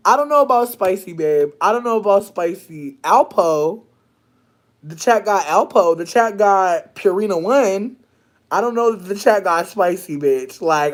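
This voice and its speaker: A woman, chatting casually on a livestream with her viewers, animated and slangy with loud laughing outbursts. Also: mid-range voice, a little slow. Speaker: livestream host reacting to chat.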